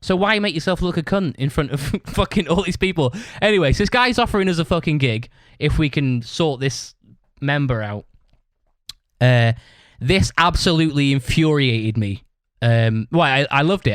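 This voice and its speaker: Fairly quick and medium in pitch, a man's voice comes through with no echo as he hosts a podcast. He rambles through a casual story, swearing all the time and ending lines with "right?".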